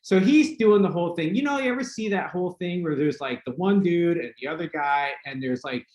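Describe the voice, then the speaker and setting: A man hosting a podcast, telling a long story in a casual, animated way with lots of fillers and laughter. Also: on the high side, brisk. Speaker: podcast host. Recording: roomy echo with faint noise.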